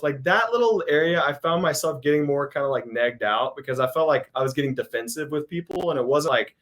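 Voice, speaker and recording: A man's voice: on the high side, quick pace, hardly any pauses. Rambling man telling stories. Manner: rambling, many fillers and restarts. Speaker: podcast guest. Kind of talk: casual storytelling chat.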